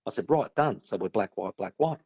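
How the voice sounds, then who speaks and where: A middle-aged Australian man telling lively anecdotes as a podcast guest, slipping into loud voices for his friends. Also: sits low, quick pace, vocal fry, husky, highs cut off. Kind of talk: storytelling on a podcast.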